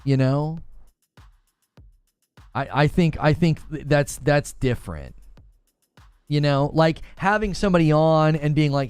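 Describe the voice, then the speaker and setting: A man hosts a casual gaming stream and reacts to viewer comments as he goes. His voice sits a little high and swings widely in pitch. Faint music plays under him. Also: a little slow, clean tone, no room sound. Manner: animated, laughs often, thinks aloud with restarts. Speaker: host of a gaming news show. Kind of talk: casual livestream chat reading viewer comments.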